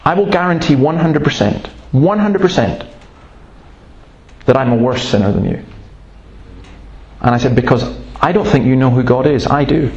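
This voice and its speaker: A man's voice: medium pitch, animated, normal speed, long pauses, darkish tone, dull audio. A man preaching a sermon in an earnest, emphatic way, breaking off to tell stories. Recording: roomy, echoey room sound.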